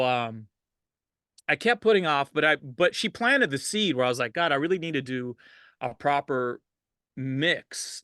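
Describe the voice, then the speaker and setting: A man's voice: mid-range voice, pushed and bright, no room sound, studio quality. A middle-aged man, a DJ, telling stories in a casual interview, laid-back and laughing often, livening up when he quotes people. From Los Angeles. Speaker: DJ, interview guest.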